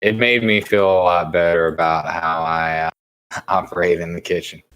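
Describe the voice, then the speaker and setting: A man with a very low voice, chatting on a podcast in a relaxed, easygoing way. He laughs often between his remarks. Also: moderate pace, clean tone, poor audio. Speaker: podcast co-host. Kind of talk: casual podcast chat.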